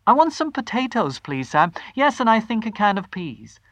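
Reader doing a chirpy housewife in a storybook, bright forced cheer, dry close sound. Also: mid-range voice, big pitch swings, normal speed, no room sound, voice pushed up. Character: anxious housewife, outwardly cheerful, adult woman.

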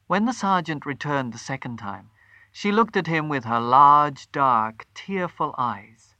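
A man reads a story aloud in a measured, expressive way. His voice is bright and lively in pitch, recorded close and dry. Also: no echo, muffled recording. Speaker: narrator. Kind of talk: storytelling reading.

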